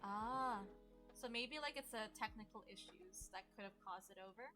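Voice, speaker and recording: A woman's voice: medium pitch, moderate pace, sharp tone, soft background music. A woman teaching an online English class, explaining terms and asking students questions.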